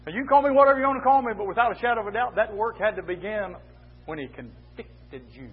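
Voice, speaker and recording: Delivering a fiery revival sermon in a church, a man chants in rhythmic bursts, shouting refrains and inserting an "uh" between phrases. His voice is very high for a man, husky, and very fast. Everything sounds thin and tinny, as if over a phone line.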